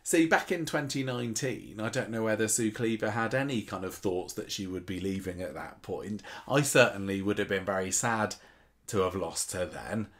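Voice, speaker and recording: A man's voice: lowish voice, moderate pace, fairly bright tone. A man in casual podcast chat, thinking aloud and quoting characters as he goes. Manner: musing, with frequent restarts and quoted dialogue. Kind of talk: casual chat about a soap opera.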